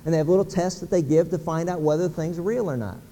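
A man's voice: on the high side, fast, mellow, in a large hall, a little hiss or hum. A middle-aged man from Pennsylvania preaching a sermon, folksy, acting out little everyday scenes. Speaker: pastor.

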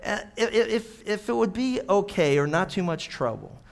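A man voicing a humbled male parrot that pleads softly and formally for forgiveness in a sermon joke. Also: high voice, animated, normal speed, vocal fry, pitched above the performer's own voice. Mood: contrite. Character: meek, overly polite reformed male parrot.

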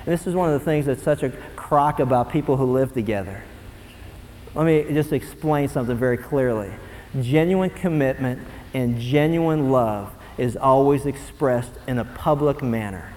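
A young man preaching a sermon, animated and swinging from low, quiet asides to loud, excited bursts. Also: slight background noise. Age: young adult. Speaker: pastor. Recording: long hall reverb.

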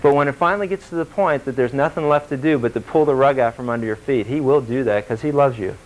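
A man preaching a sermon in a conversational, animated way, asking the congregation questions and acting out quotes in shifting voices. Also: medium pitch, quick pace, low-quality recording. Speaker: pastor.

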